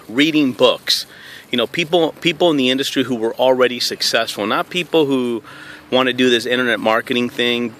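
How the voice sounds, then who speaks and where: A man in network marketing giving a motivational talk to camera, telling stories in an energetic way. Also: medium pitch, slight background noise. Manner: energetic storytelling, slips into quoting himself.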